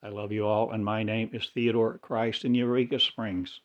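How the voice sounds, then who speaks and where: A man's voice: on the low side, flat delivery, moderate pace, muffled recording. A man delivering a rambling religious monologue in cryptic, incantatory, broken phrases. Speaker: self-styled religious speaker.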